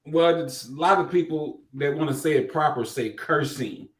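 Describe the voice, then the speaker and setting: A man's voice: fairly high pitch, normal speed, roomy sound, a crowd in the background. A man co-hosting a talk show, teasing the others with profane, laughing banter. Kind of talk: casual banter.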